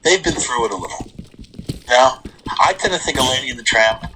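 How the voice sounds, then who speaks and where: Bright-voiced man telling comic stories. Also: mid-range voice, fairly quick, a little hiss or hum, rough recording. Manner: animated comic storyteller, acts out quotes. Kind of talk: casual storytelling chat.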